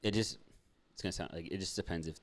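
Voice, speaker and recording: A man's voice: low voice, fairly even intonation, fast talker. A young man hosting a podcast in casual chat, joking and swearing freely. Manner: swears freely, laughs and jokes. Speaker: podcast host.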